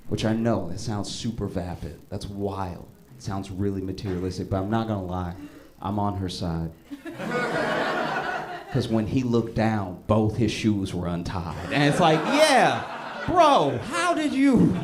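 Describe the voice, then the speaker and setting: A male stand-up comedian telling stories on a comedy club stage, his voice jumping high and loud at the punchlines. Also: unhurried, background noise. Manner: animated storytelling, voice jumps high for punchlines.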